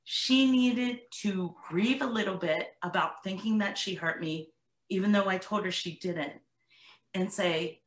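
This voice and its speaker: A woman's voice: mid-range voice, a little slow. A middle-aged woman, a parenting coach, telling stories in a podcast interview and acting out what she and her daughter said. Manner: animated storyteller, acts out her own and her daughter's lines. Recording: echoey room.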